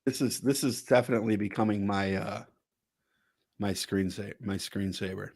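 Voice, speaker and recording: A man co-hosting a political stream from Connecticut, joking and stammering through quick restarts, laughing often. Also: on the low side, steady tone, a little mellow, breathy edge. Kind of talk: casual political chat.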